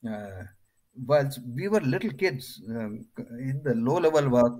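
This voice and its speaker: Animated older Indian man telling stories. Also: medium pitch, measured pace. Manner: animated, acts out others' lines in his stories. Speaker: interview guest, retired air force officer. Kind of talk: anecdotal interview storytelling.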